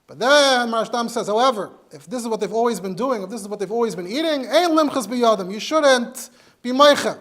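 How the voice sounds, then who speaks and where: A man's voice: very high-pitched, expressive, fairly quick, fairly bright tone. A man, a rabbi, teaching a halacha class in English. He explains sources step by step and mixes in Hebrew and Yiddish terms. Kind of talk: Torah lecture.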